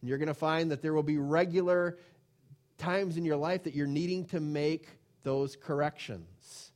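A man preaching a sermon in an earnest, conversational way, often pausing with fillers. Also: fairly high pitch, fairly even intonation, darkish tone. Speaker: pastor.

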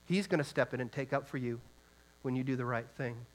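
A man with a mid-range voice preaches an earnest sermon, reading scripture aloud and posing rhetorical questions. He moves from soft, slow reflection to loud, emphatic urging.

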